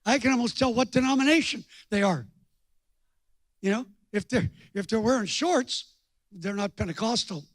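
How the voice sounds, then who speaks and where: An older male preacher tells stories from the pulpit in a folksy, joking manner. His voice sits very high and sounds dry and close to the mic. He drops to near-whispers and then bursts out loud. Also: normal speed, dry recording. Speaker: guest preacher. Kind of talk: storytelling sermon.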